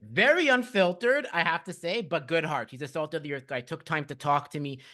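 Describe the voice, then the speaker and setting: A man hosting a podcast interview, telling stories in an excited, rambling way full of restarts and fillers. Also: on the high side, fairly quick. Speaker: podcast host. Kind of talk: casual conversational interview.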